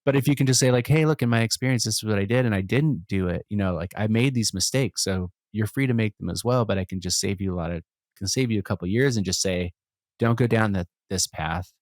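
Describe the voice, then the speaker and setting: A man talking as a podcast guest in a relaxed, reflective, rambling way with frequent restarts. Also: on the low side, fairly quick, no room sound. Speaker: podcast guest, musician and entrepreneur. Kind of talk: casual conversation.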